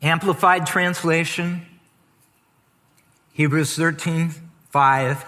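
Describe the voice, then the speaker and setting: Bright-voiced preacher in a reverberant hall. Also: male voice, a little high, animated, unhurried. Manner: emphatic, draws out key words, reads scripture aloud. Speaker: pastor. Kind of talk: sermon.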